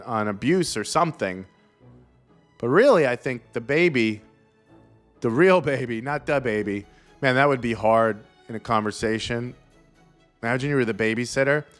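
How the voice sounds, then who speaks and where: A man's voice: medium pitch, fairly bright tone. A man hosting a comedy show, riffing sarcastically on celebrity news. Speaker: host. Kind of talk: comedic pop-culture commentary.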